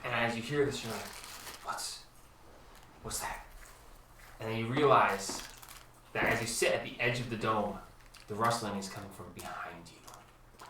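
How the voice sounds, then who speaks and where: Game master, male, dramatic storyteller, bright tone, recorded in an echoey home room from across it. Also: lowish voice, normal speed. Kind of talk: narrating a tabletop game. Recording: echoey room, distant mic, faint noise.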